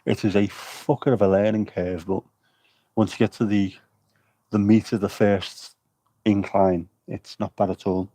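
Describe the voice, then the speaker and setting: Jokey low-voiced man chatting. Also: flat delivery, unhurried, mellow, no room sound. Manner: jokey, rambling banter with chat. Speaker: vlogger livestreaming at an air show. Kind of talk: casual livestream chat. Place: outdoors at an air show.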